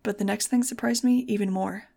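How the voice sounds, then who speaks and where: Female audiobook narrator, first-person story, flat even delivery, mid pitch. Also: brisk, vocal fry.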